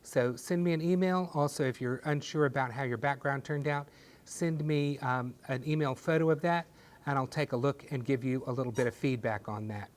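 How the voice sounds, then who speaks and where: A man teaching a step-by-step painting class, talking gently and encouragingly with folksy little sayings. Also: mid-range voice, moderate pace. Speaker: painting instructor.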